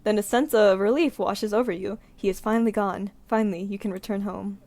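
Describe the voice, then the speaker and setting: A young woman streamer reading a visual novel aloud, giggling and reacting with animated outbursts. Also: medium pitch, a little fast. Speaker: gaming streamer.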